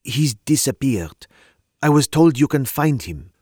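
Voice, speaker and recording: A man's voice: mid-range voice, expressive, measured pace, a little mellow, slightly rough, no echo, clean studio sound, voice pushed up. A man reading a story aloud, voicing an anxious young French woman with a French accent.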